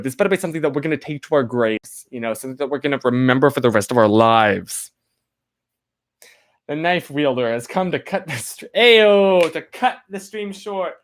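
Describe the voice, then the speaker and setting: A young man hosting a casual livestream, chatting to viewers in a rambling, apologetic way full of filler words. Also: a little high. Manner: playful, reads chat names aloud. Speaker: livestream host.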